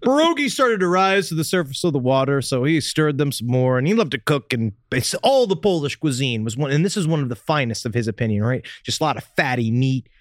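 A man's voice: medium pitch, sing-song, brisk, hardly any pauses, no room sound, studio quality. A man hosting a comedy podcast, reading a raunchy comic story aloud in a playful, theatrical way. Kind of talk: comic dramatic reading of erotica.

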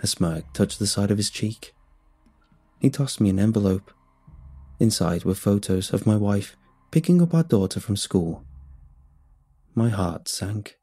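A male narrator telling a first-person horror tale in a tense, dramatic style. His voice is low, deeply husky and dark, and faint music sits underneath. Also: measured pace, pauses often.

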